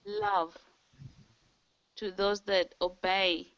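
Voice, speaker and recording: A woman gives a motivational talk to her team over a video call, earnest and preachy, leaning on scripture. She speaks slowly in a bright, forward voice. The sound is dry and a little muffled, like call audio. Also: mid-range voice, sing-song, gravelly, dry recording. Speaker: team leader hosting an online call.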